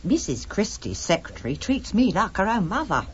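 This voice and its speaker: Woman doing a sharp-tongued gossipy housekeeper, pitch all over the place, dull lo-fi sound. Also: big pitch swings, moderate pace, a little hiss or hum, natural voice. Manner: tart, proud and gossipy. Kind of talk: radio drama acting.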